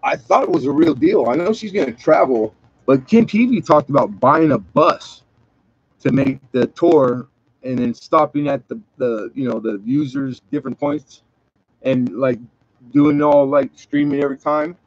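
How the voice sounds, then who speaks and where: A man's voice: mid-range voice, normal speed, breathy edge, no echo, lo-fi sound. A man from Southern California rambling and joking with profanity in a casual late-night livestream chat. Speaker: livestream host.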